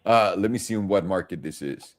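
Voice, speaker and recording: A man's voice: sits low, fairly quick. A man co-hosting a casual market stream, bantering and joking with his partner. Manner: jokey, laughing, swearing. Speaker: co-host.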